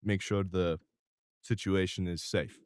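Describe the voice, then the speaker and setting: A man's voice: deep voice, fairly even intonation, unhurried, clean tone, no echo, studio quality. A man voicing a hulking one-eyed bodyguard who speaks politely and in a businesslike way.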